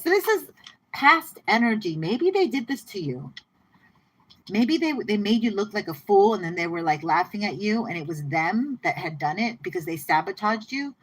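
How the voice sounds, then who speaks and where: Chatty excitable woman reading tarot. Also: medium pitch, moderate pace, slightly rough, low-quality recording. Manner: chatty, excitable, repeats herself, laughs often. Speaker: tarot reader.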